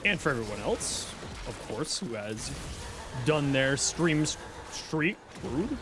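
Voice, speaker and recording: Lively, easygoing man streaming a game. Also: mid-range voice, slow, music in the background. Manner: reads chat questions aloud and answers them offhandedly; easygoing, chatty, jokey. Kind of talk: casual live-stream chat while gaming.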